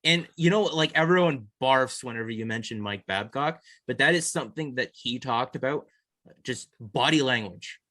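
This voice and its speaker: A man's voice: mid-range voice, expressive, moderate pace, bright, forceful tone, no echo, studio quality. A man co-hosting a casual sports podcast, talking earnestly and restarting his sentences often. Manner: rambling, repeats and restarts, earnest. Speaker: podcast co-host.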